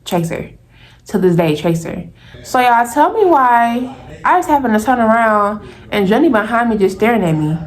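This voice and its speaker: A young woman in her twenties telling a personal story to her viewers in a lively, casual way, calling them y'all. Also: a little high, moderate pace. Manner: animated, talks straight to viewers as y'all.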